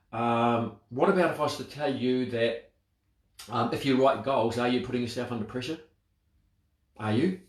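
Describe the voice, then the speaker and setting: A man's voice: medium pitch, echoey room. A man giving a motivational talk on self-talk, reflective and full of rhetorical questions. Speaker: speaker on mental wellbeing.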